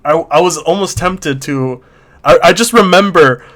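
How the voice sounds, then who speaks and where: A man chatting casually as co-host, laughing constantly and stumbling over his words in excitement. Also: fairly high pitch, a little slow. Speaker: podcast co-host. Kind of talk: casual chat.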